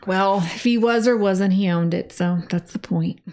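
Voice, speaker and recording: A woman's voice: mid-range voice, normal speed, darkish tone. A woman co-hosting a music reaction show who chats casually, teases her co-host and asks playful questions. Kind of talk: casual chat reacting to songs.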